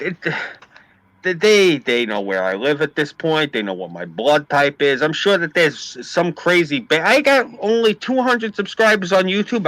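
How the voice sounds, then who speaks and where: A man's voice: on the high side, bright, forceful tone, a little hiss or hum, low-quality recording. A man chatting casually on a live stream, telling stories animatedly and swearing freely. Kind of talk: casual chat and storytelling.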